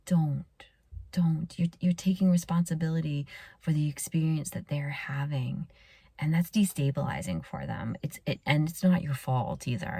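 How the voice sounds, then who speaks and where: A middle-aged woman, a pediatrician hosting a podcast, giving earnest parenting advice and often dropping to a hushed near-whisper. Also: rumbling low, dry recording.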